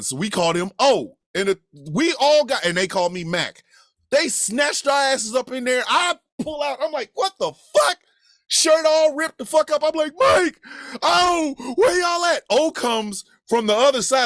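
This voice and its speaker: A high-pitched man from Kansas City tells a profane comedic story, his voice swinging widely up and down. His tone is bright and forceful as he acts out each person's lines, now and then shouting. The sound is dry and close, with almost no room echo. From Kansas City, USA. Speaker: podcast storyteller.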